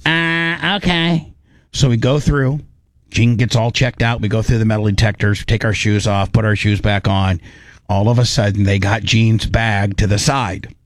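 A man's voice: on the low side, normal speed, no echo. Rambling male storyteller, dry sound. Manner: rambling, animated, lots of restarts. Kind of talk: casual storytelling.

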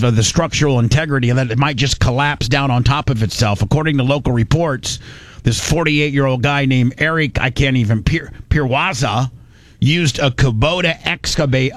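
A man's voice: medium pitch, no echo. A man hosting a radio talk show, rambling and joking, often correcting himself mid-sentence. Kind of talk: casual talk radio with ad reads.

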